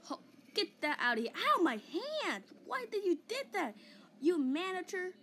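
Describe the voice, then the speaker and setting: A woman's voice: fairly high pitch, expressive, measured pace, pushed and bright, a little hiss or hum. A woman voicing a vain, hot-tempered giant male ape in a comic fan dub, taunting and boasting with mock roars. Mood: whiny, angry.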